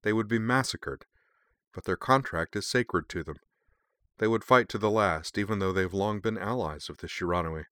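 Audiobook: a man playing a stern, formal woman teacher, low but sharp. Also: normal speed, clear, resonant tone, no room sound, studio quality, close to an everyday voice.

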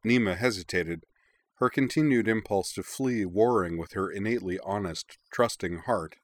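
Man, narrator, very low voice, steady storytelling, dry close sound. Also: moderate pace, no echo. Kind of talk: audiobook narration of fan fiction.

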